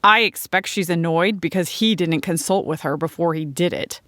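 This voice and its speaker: Woman voicing brisk teasing Sarah Jane. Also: lowish voice, a bit bright, no echo, natural voice.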